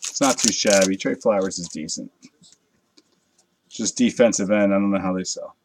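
Late at night, a man runs a live card break, opening packs while chatting casually with viewers and swearing freely. His low voice moves at a moderate pace over heavy background noise, and he sounds tired from a long night.

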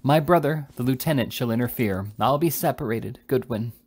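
A man voicing an indignant, hysterical middle-aged wife in a raised, shrill voice while reading a novel aloud. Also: normal speed, a little mellow, breathy edge, natural voice. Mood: sobbing. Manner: shrill and affronted, sobbing.

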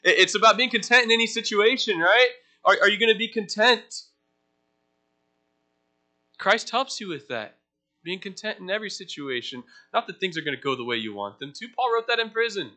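A man's voice: high-pitched, lively intonation, a little fast, sharp tone. A young man as a pastor giving a casual teaching sermon in a church, chatting with the congregation, asking them questions and joking about himself. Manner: conversational, asks the room questions, self-deprecating asides.

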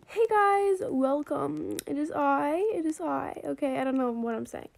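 A woman's voice: high voice, fairly even intonation, normal speed, vocal fry, darkish tone. A young woman chatting casually as she commentates her own gameplay, bubbly and pleading by turns, joking at herself. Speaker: gaming vlogger.

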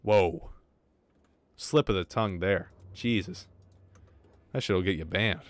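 A gaming streamer with a deep voice talks at an unhurried pace while streaming a game live. His chat with viewers is casual, rambling and jokey, with free swearing and some wheezy breathing.

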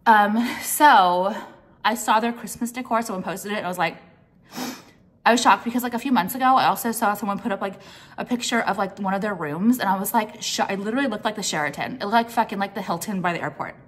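A woman's voice: mid-range voice, quick pace. Blunt, profane young woman ranting. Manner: blunt, profane, opinionated, heavy use of "like". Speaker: vlogger. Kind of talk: casual vlog rant.

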